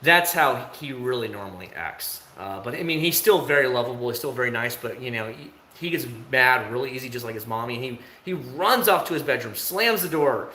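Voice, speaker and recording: A man rambles casually to his stream viewers, speaking into a phone at home. His talk wanders loosely and now and then jumps into loud, higher bursts. The room around him sounds roomy, with a faint hiss of noise behind. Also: lively intonation, a little fast, few pauses. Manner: rambling, chatty, with sudden loud, high bursts. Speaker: livestreamer. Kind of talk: casual livestream chat. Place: at home, indoors.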